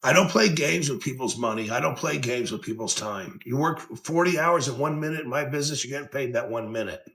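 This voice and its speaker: A man talks through life advice in a loose, unscripted way, blunt and earnest, with an occasional curse. His voice has a bright, forceful edge. He sits in the middle of the range for pitch. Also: brisk, gravelly, few pauses. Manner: blunt and earnest, swears freely, repeats himself. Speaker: podcast host. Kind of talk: casual motivational talk.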